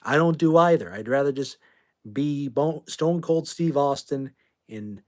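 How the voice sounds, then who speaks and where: A man's voice: on the high side, unhurried, a little mellow. A man in his fifties from the United States, hosting a livestream in a brash, rambling, trash-talking way while answering viewer comments. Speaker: livestream host.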